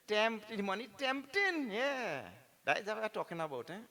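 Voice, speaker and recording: A man giving a spiritual discourse, animated and full of rhetorical tag questions like "correct or not?". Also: high voice, moderate pace. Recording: hall reverb with faint music behind.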